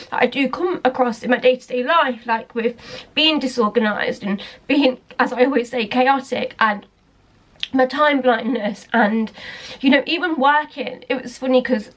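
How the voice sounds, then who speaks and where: A young woman speaks to her vlog camera in a fairly high voice. She rambles and hesitates, cutting herself off mid-thought as she talks candidly. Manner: rambling, hesitant, self-interrupting. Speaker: vlogger. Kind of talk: candid personal talk to camera.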